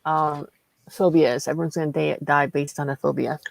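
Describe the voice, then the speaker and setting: A woman chatting about her writing plans, hesitant and full of fillers, rushing ahead when excited. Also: sits low, creaky, dry recording. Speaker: guest writer. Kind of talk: casual chat.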